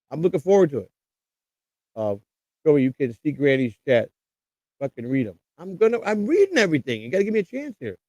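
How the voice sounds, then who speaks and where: A man hosts a live stream at a middle pitch, reading viewer comments aloud and answering each one in a loose, rambling way. His talk is blunt and street-tough, with the odd curse. The sound is dry, with no room echo. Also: mellow. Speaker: livestream host. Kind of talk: casual live chat reading.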